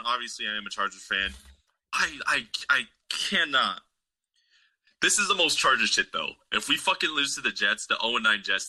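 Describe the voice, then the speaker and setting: A man co-hosting a sports podcast, talking in a profane, excitable, rambling way. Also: on the low side, low-quality recording. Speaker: podcast co-host. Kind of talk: casual sports chat.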